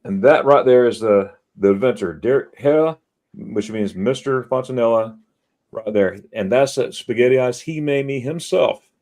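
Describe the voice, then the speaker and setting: A middle-aged man hosts a casual live stream in an animated storytelling manner. He keeps quizzing his listeners and has a medium-pitched, everyday voice. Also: normal speed. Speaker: host.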